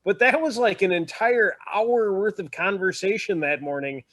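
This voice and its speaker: A man telling animated, wry stories in a casual video-call chat. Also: sits high, normal speed, dry recording.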